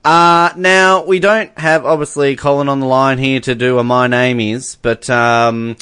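A man's voice: medium pitch, measured pace, smooth, no room sound, studio quality. A young Australian man hosting a casual sports podcast, sarcastic and laughing between jokes. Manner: sarcastic, laughing, animated mock voices. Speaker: podcast host.

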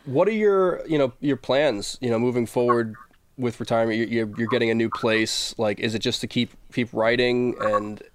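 A man with a smooth, resonant voice interviews a guest on a podcast, feeling his way through questions with lots of fillers. The sound is close and dry. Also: mid-range voice, no echo. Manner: halting questions full of "you know".

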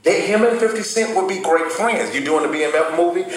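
A man from Atlanta, a podcast guest talking in laid-back, slangy casual chat. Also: high voice. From Atlanta, USA. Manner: laid-back, slangy, gets excited and fast when pressed. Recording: very echoey room.

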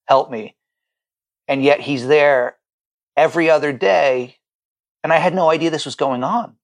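A gravelly, heartfelt man on a call. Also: a little high, moderate pace. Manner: heartfelt, stammering repetitions when moved. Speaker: chef and restaurant owner, guest. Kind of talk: emotional podcast conversation.

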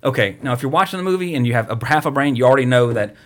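A man's voice: medium pitch, lively intonation, racing. A man casually recapping a movie plot, rambling and profane, mocking it as he goes.

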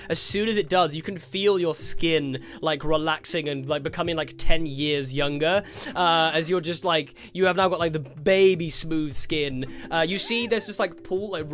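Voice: mid-range voice, fairly bright tone. A game master, narrating a tabletop game casually, with lots of fillers and laughter. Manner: casual, full of fillers and giggles.

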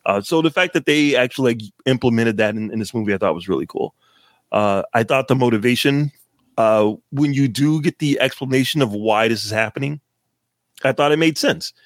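Rambling, profane podcast co-host from Massachusetts. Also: male voice, medium pitch, fairly quick, no room sound, clean studio sound. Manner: rambling, frequent fillers and profanity. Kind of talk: casual movie review chat.

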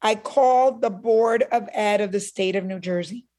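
A woman's voice: medium pitch, moderate pace. A woman from Cuba telling a story as a guest in a conversation, acting out the voices she quotes. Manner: animated, acts out quoted voices.

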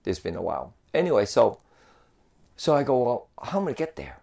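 A man's voice: medium pitch, huge pitch swings, a little fast, vocal fry, crowd noise. A man telling a long story in casual chat, rambling with many fillers and restarts.

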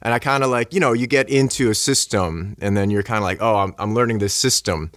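A man with a fairly low voice tells a rambling personal story on a podcast. He slips into the voices of the people in it, with plenty of fillers along the way. The sound is dry and close, with no room echo. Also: fast talker. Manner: animated, acts out quoted dialogue; many fillers like "like" and "you know". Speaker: podcast guest. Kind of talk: casual storytelling chat.

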